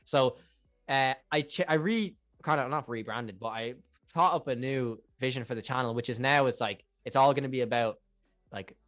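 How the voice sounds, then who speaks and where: A man's voice: mid-range voice, moderate pace, no room sound. A young man in his twenties with an Irish accent, a podcast guest telling rambling stories and acting out what people said. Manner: animated, rambling, acts out quotes. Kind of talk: casual storytelling chat.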